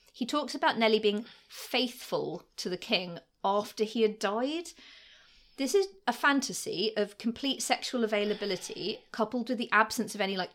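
Telling history stories on a podcast she co-hosts, this woman speaks at a medium pitch in a chatty, casual style, peppered with "like" and frequent laughter.

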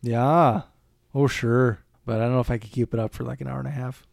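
A man from Minnesota co-hosts a casual movie podcast. He talks at a mid pitch, easygoing and explanatory. His voice is recorded dry and close on a studio mic. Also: fairly even intonation, a little fast, gravelly, a little mellow, no room sound. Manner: easygoing, explains local details. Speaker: podcast co-host.

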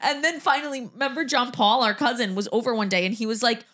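A woman's voice: a little high, quick pace. A woman in her thirties co-hosting a podcast, telling funny family stories with lots of laughter. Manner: animated, laughing storyteller. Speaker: podcast co-host. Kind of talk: casual chat.

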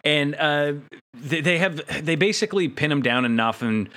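A man co-hosting a casual podcast, recapping plot in a relaxed way with lots of uhs and restarts. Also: a little high, normal speed. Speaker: podcast co-host. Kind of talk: casual chat recapping an episode.

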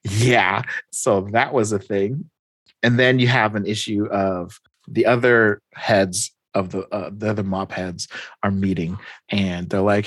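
A man's voice: on the low side, takes it slowly, fairly bright tone, breathy edge, dry recording. A man casually recapping a comic story, acting out the characters' lines and laughing often. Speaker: podcast host recapping comics. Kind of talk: casual chat.

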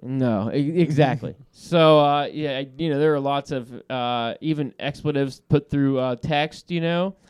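A man's voice: medium pitch, a little slow, few pauses, smooth, dry recording, clean studio sound. A man hosting a podcast, telling a heated story with lots of swearing and laughter in casual banter. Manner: animated storytelling with profanity and laughter. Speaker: podcast host.

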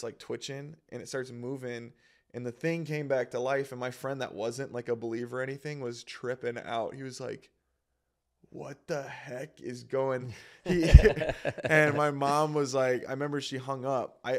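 Flat, gravelly young man telling a story. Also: medium pitch. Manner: rambling, self-conscious, lots of fillers and acted quotes. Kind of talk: casual storytelling.

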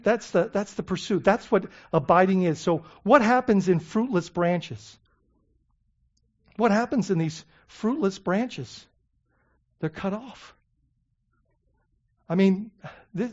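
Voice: mid-range voice, darkish tone, highs cut off. A pastor preaching a sermon, emphatic, often repeating words and checking in with the congregation.

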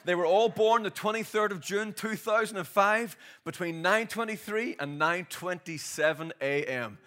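A man's voice: high voice, normal speed, sharp tone. A Northern Irish man in his forties preaching a sermon, telling a homely story and building up into rousing exhortation. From Northern Ireland. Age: 40s.

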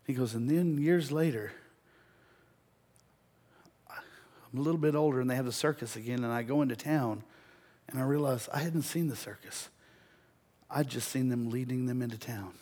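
A man preaching a sermon, telling a story and building to loud, emphatic peaks. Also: medium pitch, normal speed, pauses often.

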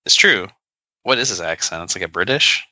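A man's voice: low voice, expressive, fairly quick, pushed and bright, no room sound. A man co-hosting a podcast, talking in a casual, joking and sarcastic way, rambling with many fillers. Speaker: podcast co-host. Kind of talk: casual chat. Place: podcast recording session.

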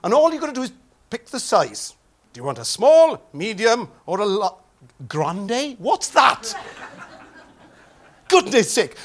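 A middle-aged man with a Welsh accent, a pastor preaching a sermon with humorous stories that swing from loud exclaiming to soft prayer. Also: high-pitched, huge pitch swings, a little slow, pauses often.

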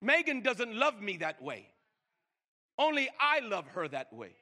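An older man preaching a sermon, stammering and repeating words, swinging from loud emphasis to hushed slow lines. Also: high voice, big pitch swings. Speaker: pastor.

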